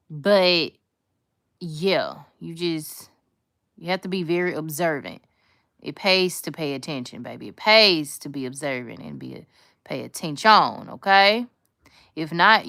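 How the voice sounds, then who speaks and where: A woman talks her viewers through a nail tutorial. Her voice sits a touch low. She is sassy and chatty and throws slang at her audience as she works. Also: fairly bright tone. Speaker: nail content creator. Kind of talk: casual nail tutorial chat.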